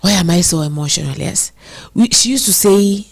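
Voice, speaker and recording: A woman's voice: lowish voice, creaky, a little mellow. Emotional Kenyan woman hosting commentary. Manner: code-switches English and Swahili, emotional, slows to stress words. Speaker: show host reading viewer comments. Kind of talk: casual commentary.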